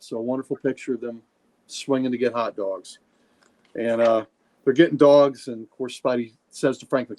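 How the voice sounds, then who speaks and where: A man's voice: mid-range voice, fairly even intonation, moderate pace, dark tone. A man co-hosting a comics podcast, chatting casually and telling a story with enthusiasm. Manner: enthusiastic, storytelling, frequent fillers. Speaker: podcast co-host.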